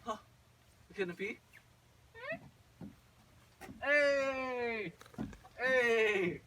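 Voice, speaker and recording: A man voicing a gentle middle-aged woodcutter father, speaking lower and softer than his own voice, in a casual storybook retelling. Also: brisk, slight background noise. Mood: amazed.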